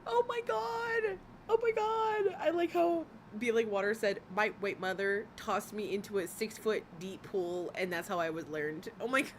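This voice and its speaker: A woman hosting a casual reaction stream. She swears, laughs and her voice jumps high when excited. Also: normal speed, slight background noise.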